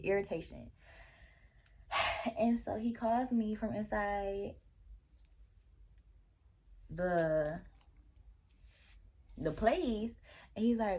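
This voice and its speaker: A woman's voice: mid-range voice, darkish tone. A woman vlogger casually telling a story, chatty and exasperated, with restarts along the way.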